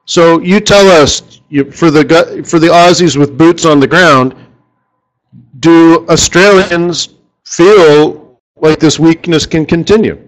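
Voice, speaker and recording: A man's voice: fairly high pitch, slow, rough recording. Chatty man hosting a live trading seminar. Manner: animated, joking, full of rhetorical questions. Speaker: forex market strategist hosting a session. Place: room with a live audience.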